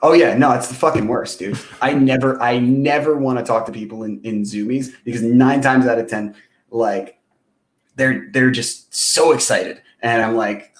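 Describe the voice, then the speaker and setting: A man's voice: medium pitch, normal speed. A young man co-hosts in loose, profane banter with a middling voice. His mic picks up a roomy echo. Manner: laid-back, profane banter. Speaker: podcast co-host. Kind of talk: casual chat. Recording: echoey room.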